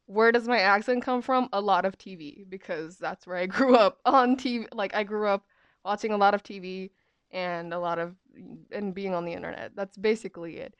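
A woman's voice: mid-range voice, normal speed, clear, resonant tone, no room sound. A woman in her twenties telling a casual story, chatty and rambling with lots of fillers. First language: English. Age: 20s.

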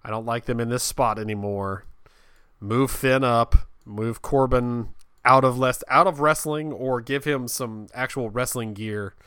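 A man's voice: medium pitch, fairly even intonation, measured pace, bright, forceful tone, clear, resonant tone, no room sound. Chatty man with a dry, close sound. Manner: chatty, repeats words when starting sentences. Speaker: podcast co-host. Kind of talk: casual wrestling chat.

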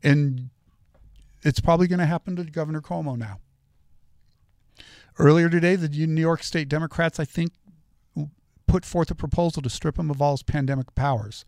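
A man's voice: fairly high pitch, steady tone, moderate pace, long pauses, a little mellow, dry recording, studio quality. A middle-aged man hosting a solo political commentary show, talking in an opinionated, conversational way and telling stories.

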